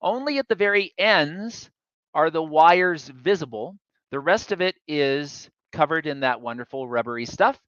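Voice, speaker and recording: A man's voice: a little high, lively intonation, moderate pace, fairly bright tone, no room sound, highs cut off. A man giving a public talk, telling a chatty, self-deprecating story from his travels. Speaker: guest speaker.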